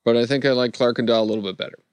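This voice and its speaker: A man's voice: medium pitch, steady tone, racing, clean tone, no echo. A man on a podcast panel giving wry, analytical opinions with dry humor in a casual discussion.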